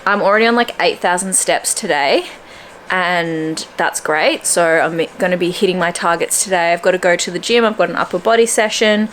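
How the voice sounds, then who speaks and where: A woman's voice: moderate pace, a bit bright, a little hiss or hum. A young woman talking casually to camera about her day at home, chatty and upbeat. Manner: chatty and upbeat, drifting into squeaky baby talk for her dog. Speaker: fitness vlogger. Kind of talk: casual vlog chat to camera.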